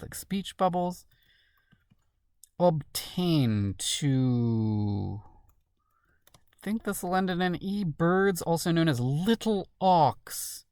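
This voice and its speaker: A woman's voice: rumbling low, a little mellow, no room sound. A woman solving a crossword while thinking aloud, muttering questions to herself. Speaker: crossword solver.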